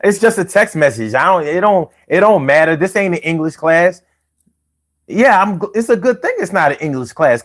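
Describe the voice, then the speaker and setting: A man hosting a late-night call-in show, riffing in a loud, profane, mocking way. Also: fairly high pitch.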